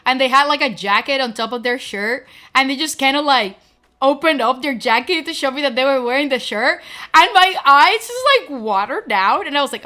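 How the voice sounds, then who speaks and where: A woman's voice: sits high, animated, moderate pace, bright, forceful tone. A young adult woman streamer talking to her viewers in an emotional, gushing way, teary and close to crying, with lots of fillers. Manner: tearful, gushing, many fillers. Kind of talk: emotional casual chat to viewers.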